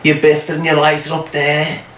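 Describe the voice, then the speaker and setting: On his livestream, this Scouse-accented Englishman talks at a moderate pace in a fairly high, monotone voice with a fairly bright tone. He curses freely and spins loose stories, recorded in an echoey room with background music.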